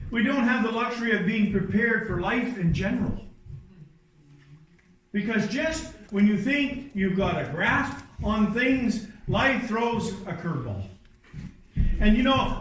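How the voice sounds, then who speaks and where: Male pastor with a high voice, conversational sermon, distant mic in a reverberant church. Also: a bit bright. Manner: conversational storytelling with asides and restarts. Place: church sanctuary.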